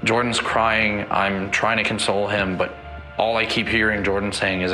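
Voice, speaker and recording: Young guy retelling it all emotionally, bright flat voice, low music under. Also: moderate pace, poor audio. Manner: emotional retelling with quoted dialogue. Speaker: victim's son interviewed. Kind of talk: documentary interview.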